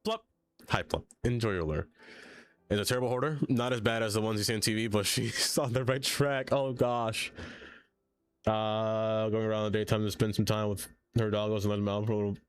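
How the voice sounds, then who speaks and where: A man with a fairly low, steady, clean voice talks a little fast while streaming a city-building game. He rambles casually to his viewers, chatty and easily pulled off track by chat.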